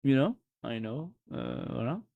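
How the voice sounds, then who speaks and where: A man's voice: mid-range voice, very animated, normal speed, creaky, phone-quality sound. A man with a French accent chatting casually and joking while he codes on a live stream. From France. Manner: joking, musing aloud, full of restarts.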